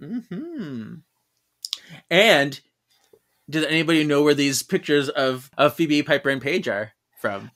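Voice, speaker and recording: A man's voice: fairly high pitch, animated, a little slow, fairly bright tone. A man co-hosting a podcast, recapping a comic with laughter and acted-out lines. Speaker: podcast host. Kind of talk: casual chat about comics.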